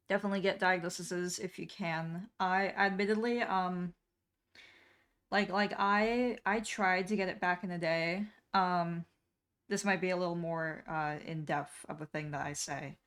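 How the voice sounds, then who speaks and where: A young woman streamer with a lowish, fairly bright voice chats casually while drawing. She rambles, filling her speech with fillers and restarts, and laughs often.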